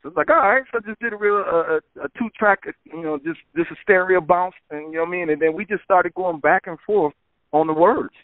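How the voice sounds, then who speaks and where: Relaxed man, fairly high voice, dry close sound, tinny phone-line quality, storytelling in a casual interview. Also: fairly quick, dry recording. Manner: laid-back, peppers talk with "man" and "you know". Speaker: record producer guest.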